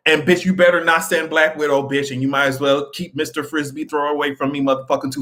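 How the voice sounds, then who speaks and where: A man's voice: fairly high pitch, fairly even intonation, a little fast, few pauses, fairly bright tone. A man hosting a pop-culture commentary livestream, ranting with heavy profanity and frequent laughter. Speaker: livestream host.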